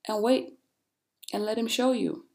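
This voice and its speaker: A woman hosting a podcast, talking straight to listeners with blunt, animated, faith-based encouragement. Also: on the high side, a little slow, vocal fry. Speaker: podcast host. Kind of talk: casual motivational monologue.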